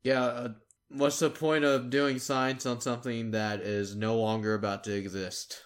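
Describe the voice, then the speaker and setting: A young man co-hosting a podcast, easygoing and agreeable, at a middle pitch. He retells funny movie scenes in a relaxed, conversational way. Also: measured pace. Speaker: podcast co-host. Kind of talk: casual movie chat.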